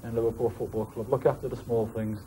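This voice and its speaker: Flat, warm-toned male ex-footballer. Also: medium pitch, fast, slight background noise, low-quality recording. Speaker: former footballer guest. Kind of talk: interview answer.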